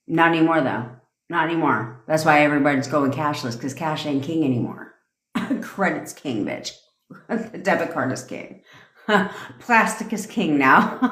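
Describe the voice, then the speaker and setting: In an echoey room, a manifestation coach rants on a livestream, blunt and profane and commanding. Her voice sits at a medium pitch with a slightly bright edge.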